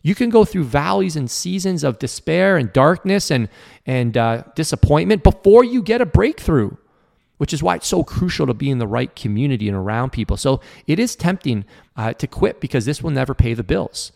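A man's voice: on the high side, sing-song, normal speed, creaky, a little mellow. A man hosting a motivational podcast, speaking earnestly in a coaching tone to entrepreneurs and acting out the people he quotes. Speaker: podcast host.

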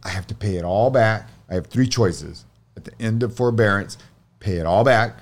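A man guesting on a podcast, blunt and profane as he tells his stories. His voice sits somewhat low. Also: normal speed. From Sacramento area. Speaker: guest, jiu-jitsu academy owner. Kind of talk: casual podcast chat.

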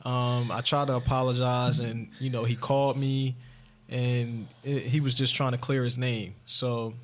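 A man hosting a podcast, telling a story in casual chat, animated and profane, jumping into a high excited voice when he quotes himself. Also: a little slow. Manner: animated, swearing, acts out his own lines in a high excited voice. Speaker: podcast host.

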